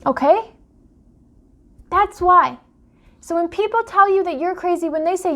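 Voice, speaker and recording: Young woman coach ranting to camera, high voice, gets all fired up, keeps asking why. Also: measured pace, pauses often, a bit bright. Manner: impassioned, full of rhetorical questions. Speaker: life coach and dream interpreter. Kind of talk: direct-to-camera vlog monologue.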